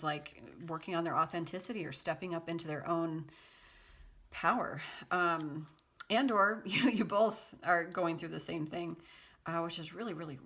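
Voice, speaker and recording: Doing a relaxed tarot reading for viewers, this woman speaks on the low side with a fairly bright tone. Her sarcastic humor, easy laughter and many loose fillers keep it chatty.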